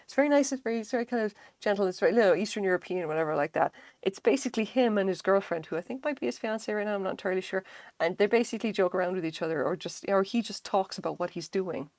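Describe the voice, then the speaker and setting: A woman's voice: mid-range voice, expressive, very fast, a little mellow, no room sound. Rambling woman streamer chatting while crocheting. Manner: rambling, fillers, swears casually. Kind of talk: casual chat while crocheting.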